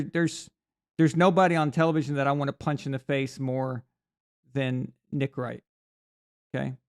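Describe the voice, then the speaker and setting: A man hosting a live sports talk stream, rambling through opinions with lots of restarts and fillers. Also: medium pitch. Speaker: sports talk show host. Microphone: desk mic on camera.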